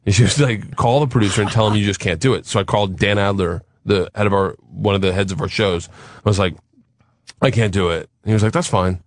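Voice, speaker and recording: A man casually telling a story on a talk show, swearing freely and shouting out the lines he quotes. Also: fairly low pitch, steady tone, fast, no echo, studio quality.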